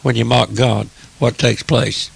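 Gravelly emphatic preacher-commentator man. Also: mid-range voice, fairly even intonation, unhurried. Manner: emphatic, repetitive, preacherly address.

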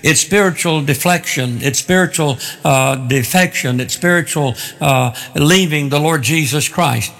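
A man preaching an expository sermon, deliberate and emphatic, repeating phrases to drive points home. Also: on the high side, gravelly, a bit bright. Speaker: pastor.

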